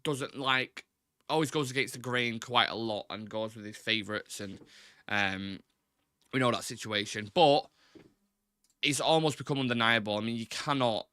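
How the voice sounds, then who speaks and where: Chatty man, bright dry voice. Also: mid-range voice, normal speed, dry recording. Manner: chatty, swears a lot, gets flustered with tech. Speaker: football podcast host. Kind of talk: casual solo chat show.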